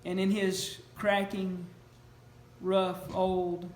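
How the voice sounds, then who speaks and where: A man's voice: sits high, completely flat delivery, drawn-out words. A male preacher delivering a sermon in an earnest, questioning, storytelling manner. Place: church sanctuary. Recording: echoey church room, faint noise.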